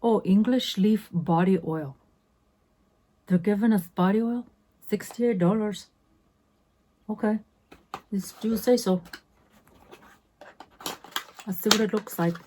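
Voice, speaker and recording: A woman's voice: medium pitch, takes it slowly, pauses often, mellow. A woman in her fifties chatting casually as a beauty vlogger through an unboxing, sassy and full of self-interrupting asides. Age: 50s.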